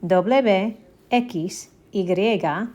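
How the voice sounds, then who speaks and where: A woman teaching at an unhurried, deliberate pace, with a voice of ordinary middle pitch. She guides learners through repeat-after-me drills with patient encouragement and frequent check-ins. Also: warm tone. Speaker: Spanish teacher. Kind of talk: slow repeat-after-me language lesson.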